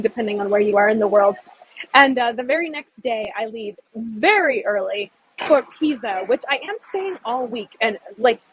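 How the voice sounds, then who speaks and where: A woman's voice: on the high side, breathy edge, lo-fi sound. A young woman tour guide chatting casually on a live stream, bubbly and talkative, thanking viewers and answering their comments.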